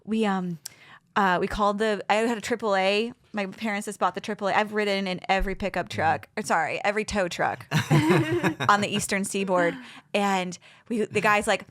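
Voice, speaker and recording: A middle-aged woman comedian hosting a casual chat, telling lively stories and acting out the people in them. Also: medium pitch, normal speed. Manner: animated storyteller who acts out quoted voices. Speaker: comedian host.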